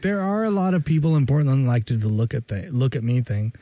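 A man's voice: medium pitch, fairly quick, mellow, no echo. A man co-hosting a podcast in casual chat, joking and rambling, sometimes humming and mock-singing. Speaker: podcast co-host.

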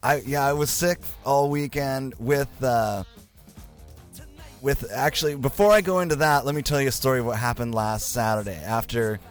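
A male podcast host whose voice is raspy from the flu. He talks in a rambling, self-mocking way, with faint music in the background. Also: medium pitch, normal speed. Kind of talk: casual podcast chat.

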